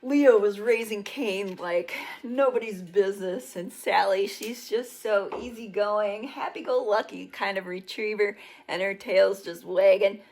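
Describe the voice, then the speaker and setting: A woman's voice: medium pitch, a little slow, few pauses, darkish tone. A middle-aged woman from the Midwest chatting casually and rambling easily as she vlogs her day at home. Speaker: travel vlogger. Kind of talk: casual vlog chat.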